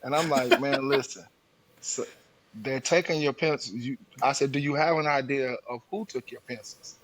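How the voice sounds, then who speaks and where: A podcast co-host with a medium-pitched voice and moderate pace tells a parenting story in casual chat. He's animated, laughing as he acts out the quotes.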